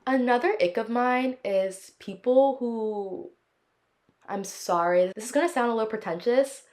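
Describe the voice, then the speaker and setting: A woman's voice: a little high, a little slow, darkish tone, soft background music. A woman hosting her own solo podcast, chatting casually in a sassy, opinionated, dramatic way, sometimes stretching words in a sing-song. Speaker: podcast host.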